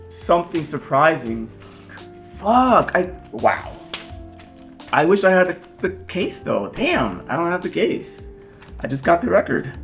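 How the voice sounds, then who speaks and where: A man hosting a casual vlog as he unboxes vinyl records, excitable and gushing, swearing often. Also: high voice.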